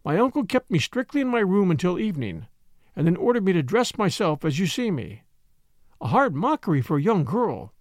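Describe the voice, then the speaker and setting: A man's voice: high-pitched, very animated, brisk, no room sound, studio quality. A man voicing a distraught young noblewoman in an audiobook, pleading and tremulous. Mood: weary. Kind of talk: audiobook character reading.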